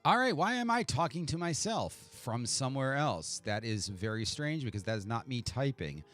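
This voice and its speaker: A man's voice: mid-range voice, big pitch swings, moderate pace, fairly bright tone, soft background music. A man hosting a virtual pub quiz from home on a desk mic, chatting casually and joking with himself between answers. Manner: chatty, self-mocking, talks to himself. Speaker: quiz host. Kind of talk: casual live-stream chat. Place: home setup for an online stream. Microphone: desk mic with adjustable EQ.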